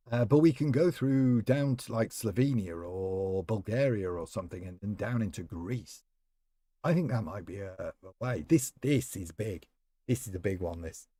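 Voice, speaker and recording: A man's voice: fairly low pitch, mellow, no room sound. A man live-streaming a game, chatting in a rambling way and talking to viewers by name. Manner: rambling, chatty, talks to chat members by name. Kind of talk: casual live-stream chat while playing.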